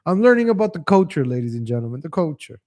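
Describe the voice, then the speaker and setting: A man hosting a livestream, giving casual opinion commentary in a rambling way. He chuckles often and calls his viewers ladies and gentlemen. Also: fairly high pitch, sing-song, quick pace. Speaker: livestream host.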